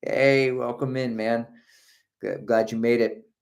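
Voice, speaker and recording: A man's voice: mid-range voice, steady tone, slow pace, gravelly. A middle-aged man hosting a running livestream, reading viewer comments aloud in a chatty, joking way and laughing often. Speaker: running channel host.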